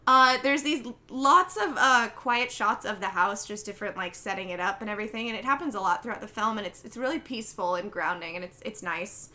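A woman's voice: medium pitch, fairly quick, few pauses. A woman on a podcast, casually recapping a film scene by scene and acting out the characters' lines. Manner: animated storytelling, acts out the characters' lines. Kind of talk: casual chat.

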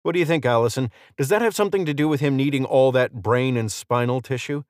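A man's voice: medium pitch, quick pace, no echo, clean studio sound, pitched above the performer's own voice, lightly acted. A man reading the lines of a cocky male federal agent in an audiobook, mocking and chatty. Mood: smug.

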